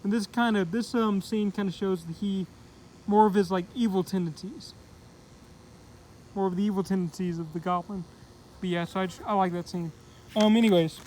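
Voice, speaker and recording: High-voiced rambling male comic reviewer. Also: fairly even intonation, moderate pace, pauses often, a little mellow, slight background noise, low-quality recording. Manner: rambling, many fillers and restarts. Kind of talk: casual unscripted review.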